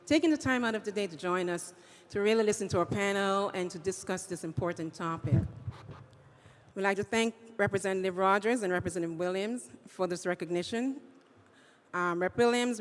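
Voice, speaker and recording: A woman, executive director of an advocacy group, giving an earnest formal welcome speech and thanking supporters. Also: mid-range voice. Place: large hall at a state house. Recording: echoey hall reverb.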